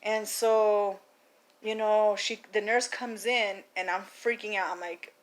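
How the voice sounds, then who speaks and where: Animated woman telling a story. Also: medium pitch, slow pace. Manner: animated, acts out the people in her story, laughs often. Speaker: vlogger. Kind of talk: casual storytelling to camera.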